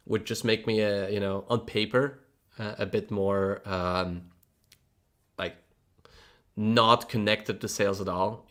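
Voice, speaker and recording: A man with a fairly low voice hosts a relaxed livestream. He talks loosely to his viewers and rambles with plenty of "uh"s and "you know"s. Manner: reads viewer messages aloud and thanks members, loose and rambling with many fillers. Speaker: livestream host. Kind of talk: casual livestream chat.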